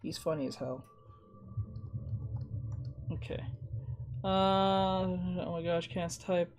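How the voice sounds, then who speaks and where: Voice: mid-range voice, takes it slowly. An art streamer in casual livestream chat while drawing, teasing viewers playfully and talking through each sketching step.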